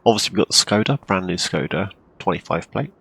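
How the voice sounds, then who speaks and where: A man casually commenting on his farming game, rambling with lots of ums and throat-clearing, hiccuping and coughing now and then. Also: deep voice, lively intonation, fast talker, fairly bright tone, dry recording. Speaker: farming game role-play channel host.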